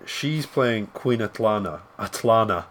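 A man co-hosts a relaxed podcast chat, dropping dry, deadpan jokes as he talks. His voice is somewhat low and unhurried in its humour. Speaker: podcast co-host. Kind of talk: casual chat.

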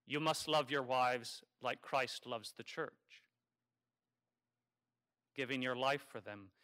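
Guy preaching a homily, kinda jokey with the crowd, bright tone, slows down on the big lines. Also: mid-range voice. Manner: conversational and wry, teasing the congregation. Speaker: Catholic priest. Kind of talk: sermon.

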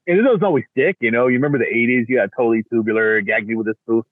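A middle-aged man chatting as a podcast guest, animated and laughing often, slipping into voices as he talks. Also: medium pitch, rapid-fire, no echo. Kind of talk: casual chat. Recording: thin phone-like line, dry.

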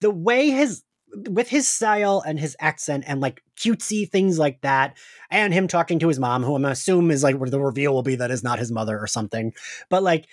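A man's voice: fairly high pitch, animated, brisk, dry recording, studio quality. A man co-hosting a podcast, chatting casually, laughing often and searching for words. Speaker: podcast co-host. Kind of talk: casual chat.

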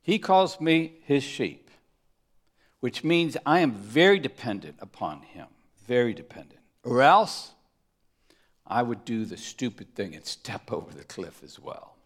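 A man preaching a sermon, emphatic, moving between loud stresses and hushed asides, often asking his listeners rhetorical questions. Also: medium pitch, expressive, a little slow. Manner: asks the congregation rhetorical questions. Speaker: pastor.

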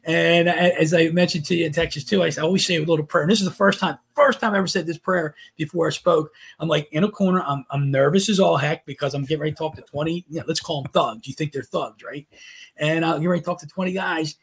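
Husky-voiced man telling a story. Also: fairly high pitch, fast. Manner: animated storyteller, voicing his own past thoughts. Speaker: podcast guest. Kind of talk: storytelling in a podcast interview.

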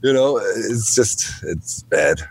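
A man's voice: lowish voice, animated, takes it slowly, vocal fry, breathy edge. A man from Germany chatting casually on a podcast, rambling with mildly exasperated opinions and lots of fillers. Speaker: podcast panelist. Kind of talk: casual chat.

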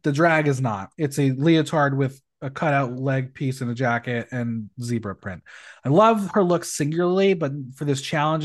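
A man hosting a podcast, chatting casually and giving opinionated reviews of runway looks in an animated way. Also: mid-range voice, no echo, studio quality. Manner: animated, opinionated, swings between loud and hushed. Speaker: podcast host. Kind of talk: casual recap chat.

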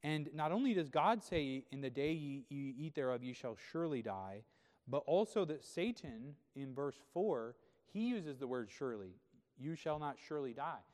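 A man's voice: medium pitch, lively intonation, normal speed, darkish tone, in a large hall. A man preaching a sermon as pastor, explaining scripture in a conversational way and often checking in with rhetorical questions.

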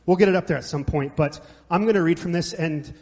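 A man's voice: a little high, fast, warm tone. A man preaching a sermon in a church hall, passionate and conversational, joking between scripture readings. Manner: passionate, conversational with jokes and restarts. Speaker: pastor.

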